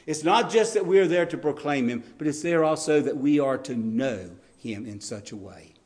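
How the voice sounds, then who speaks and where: A pastor with a darkish tone preaches earnestly at normal speed, his intonation lively. He rises when reading scripture and drops low on key lines, occasionally stumbling with ums and restarts.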